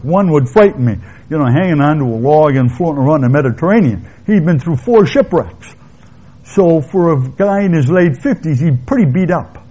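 Husky, mellow-voiced male preacher. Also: fairly high pitch, lo-fi sound. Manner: conversational, pausing to restate points. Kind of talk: expository sermon.

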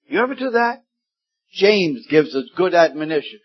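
A man in his seventies preaching a sermon, slow and deliberate, rising suddenly into loud emphatic peaks. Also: sits high, big pitch swings, breathy edge. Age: 70s. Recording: dull lo-fi sermon recording.

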